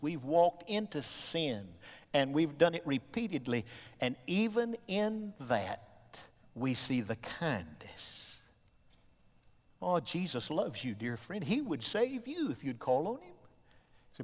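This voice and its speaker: A pastor in his fifties, his voice pitched a bit higher than most men, preaches a sermon in a church sanctuary. He drops to soft, tender asides and then rises to loud shouted climaxes. His voice carries with a long reverb through the sanctuary.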